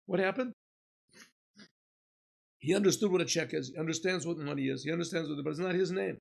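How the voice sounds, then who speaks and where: A man's voice: on the high side, a little fast, creaky, long pauses, low-quality recording. A man, a rabbi, lecturing on Chassidus, telling a parable with acted-out dialogues. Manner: animated storyteller, acting out dialogues.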